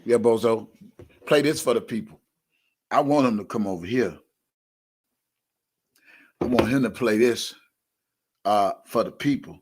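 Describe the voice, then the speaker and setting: A brash man, hosting an online show and talking profanely and loudly to his viewers. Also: lowish voice, unhurried, pauses often, a little hiss or hum. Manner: brash, loud, profane, repeatedly urging likes.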